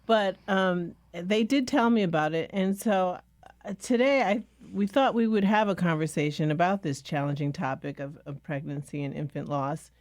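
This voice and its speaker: A woman co-hosting a podcast, speaking in a measured and thoughtful way. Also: fairly low pitch, darkish tone, no echo, studio quality. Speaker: podcast co-host. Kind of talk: casual podcast conversation.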